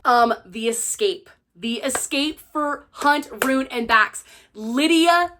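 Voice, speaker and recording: A young woman gushing through a casual, spoiler-filled book review, excitable and full of "like". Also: fairly high pitch, slow. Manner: gushing, excitable, heavy use of "like".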